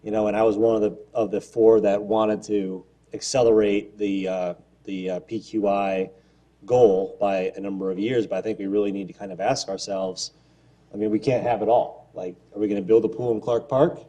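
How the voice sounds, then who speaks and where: A man's voice: fairly low pitch, fairly even intonation, normal speed, dark tone, muffled recording. A man on a city council giving his view in a meeting, hesitant with many fillers but firm in his stance. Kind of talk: council debate.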